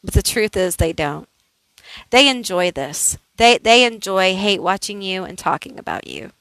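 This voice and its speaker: A woman's voice: medium pitch, big pitch swings, moderate pace, a bit bright, no echo, poor audio. A woman doing a casual tarot card reading, thinking aloud in a chatty way with many fillers. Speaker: tarot reader.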